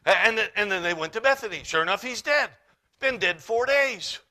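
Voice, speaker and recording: A man preaching a sermon, reading scripture in old-fashioned wording and swinging between hushed, quiet passages and loud, emphatic ones. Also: high-pitched, animated, brisk. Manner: reads scripture in King James wording.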